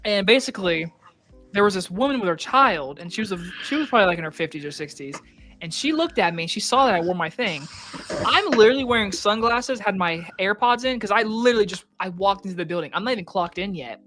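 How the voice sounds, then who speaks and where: Casual storyteller, medium pitch, salty language, faint music bed. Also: fast. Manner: animated storyteller, swears freely, acts out quotes.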